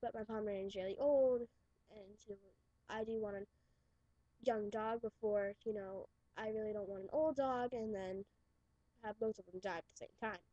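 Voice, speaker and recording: A woman's voice: mid-range voice, moderate pace, mellow, no room sound. Chatty teen girl, New York accent. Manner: chatty, restarts and trails off. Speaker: webcam vlogger. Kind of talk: rambling casual webcam talk. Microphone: webcam mic. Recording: dull lo-fi webcam audio.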